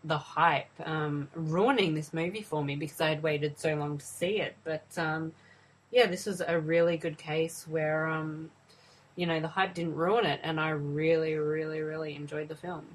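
A woman's voice: sits low, steady tone, normal speed, rough recording. A woman in a casual film review chat, earnest and hesitant, with many ums. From Australia.

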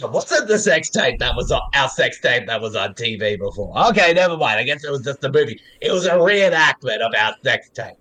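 Australian man co-hosting a movie chat, animated pitch, joking tone. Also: fairly quick, hardly any pauses. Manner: joking, laughs often. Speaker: podcast co-host. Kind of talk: casual movie commentary chat.

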